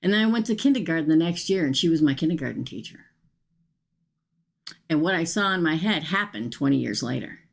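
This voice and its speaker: This is a middle-aged woman doing a live-streamed tarot reading in a low voice with vocal fry and lively intonation, talking a little fast. Chatty and emphatic, she keeps checking in with viewers, peppering her talk with "okay?"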